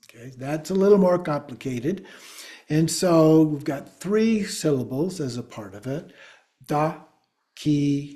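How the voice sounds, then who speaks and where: A man teaching a class, speaking slowly and deliberately and spelling words out letter by letter. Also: fairly high pitch, expressive, dark tone. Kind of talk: class lecture.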